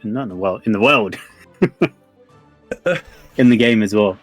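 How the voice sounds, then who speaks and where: Male esports co-commentator, low and laid-back, chatty analysis, light music bed. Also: unhurried. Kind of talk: live fighting game commentary.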